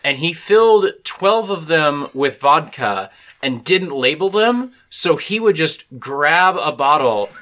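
Bright, playful woman podcast host. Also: sits low, lively intonation. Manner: playful, teasing, quick to laugh. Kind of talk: casual comedic chat. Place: basement.

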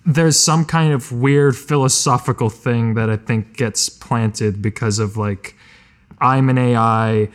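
A man's voice: medium pitch, slow. A man playing a tabletop role-playing game, rambling and thinking aloud with many fillers. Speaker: tabletop player. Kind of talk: casual in-character musing.

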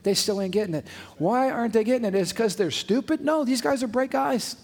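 A man's voice: very high-pitched, a little fast, darkish tone. A male pastor preaching a sermon with emphatic, conversational delivery and frequent rhetorical questions. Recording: long hall reverb, faint music behind.

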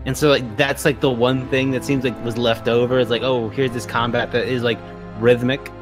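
A man with a middle-pitched voice, thinking out loud as he chats on a podcast. There is faint music in the background. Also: little pitch movement, moderate pace. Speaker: podcast co-host. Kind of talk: casual podcast chat.

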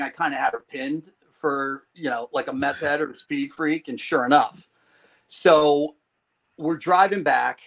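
A man from New Jersey, guesting on a podcast, tells a long personal story in a voice on the high side and creaky, captured in a rough recording. He's an animated storyteller who acts out the people he quotes and swears casually.

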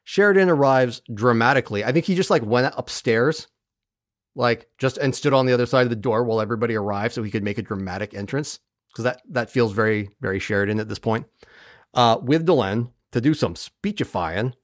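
A man's voice: medium pitch, brisk, no echo, clean studio sound. Wry, profane podcast host, a man. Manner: wry, profane, animated retelling. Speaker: podcast host recapping an episode. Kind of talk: casual chat.

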